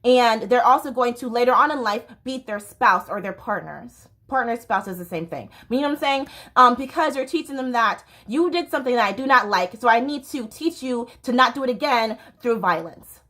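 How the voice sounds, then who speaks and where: A woman's voice: a little high, lively intonation, moderate pace, few pauses, a bit bright. A woman hosting a podcast, talking alone in an impassioned, rambling way and often breaking off mid-sentence. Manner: impassioned, rambling, self-interrupting. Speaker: podcast host. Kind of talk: casual monologue. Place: home near a train line.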